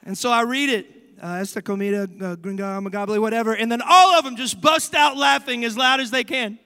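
A young man preaching with a high, bright voice that tells stories with lively emphasis and drawn-out key words. His voice sits close and dry on the mic. Behind it, a long reverb tail rings out through a large hall. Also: gravelly, clear, resonant tone. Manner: animated storyteller, emphatic and drawn-out for stress. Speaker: pastor. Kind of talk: sermon. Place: church sanctuary.

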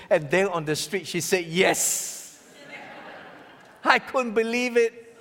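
A male preacher with a somewhat raised voice tells a personal story from the pulpit. He swings between loud, emphatic lines and quiet, hushed ones. The sound carries a long reverb, as in a large church hall. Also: sits high, expressive, slow. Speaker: pastor. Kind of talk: sermon.

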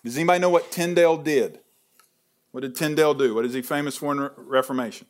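A man preaching a sermon at a camp service, questioning the audience and swinging from fervent peaks to quiet pleading, audibly emotional. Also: on the high side, quick pace.

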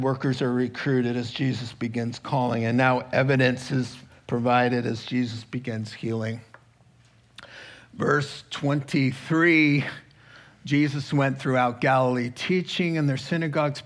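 Male pastor, lively sermon delivery, acts out the voices he quotes, slightly high-pitched, unhurried. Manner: animated, chuckling, acting out quotes.

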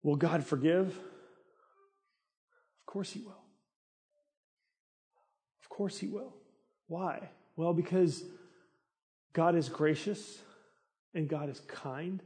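A man's voice: a little high, takes it slowly, long pauses, dark tone. A middle-aged man preaching a sermon in an earnest, conversational way that rises in intensity. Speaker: pastor.

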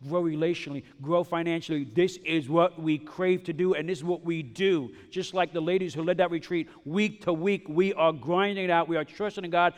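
A man with a slightly higher voice preaches with emphatic repetition, breaking into light humorous asides. His words ring out in a church sanctuary with a long, lingering reverb. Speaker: pastor. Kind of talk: sermon. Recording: long reverb of a large hall.

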